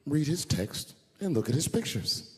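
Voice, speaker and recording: A man putting on a calm, blunt girlfriend. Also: a little high, normal speed. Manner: calm, matter-of-fact. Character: calm, blunt young woman partner. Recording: live hall with crowd laughter.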